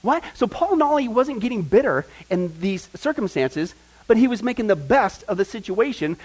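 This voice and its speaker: A man preaching a sermon to a group, animated, often asking his listeners questions and acting out the people he quotes. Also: high-pitched, poor audio. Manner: animated, acts out quoted voices, asks the audience questions. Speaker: pastor teaching a Bible study.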